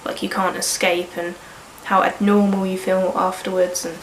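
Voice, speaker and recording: A woman's voice: mid-range voice, level tone, moderate pace. Girl early 20s with a cold, rambling and swearing, echoey room with faint hum. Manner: rambling, frank, swears casually. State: sniffly with a cold. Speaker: vlogger. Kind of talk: candid personal vlog.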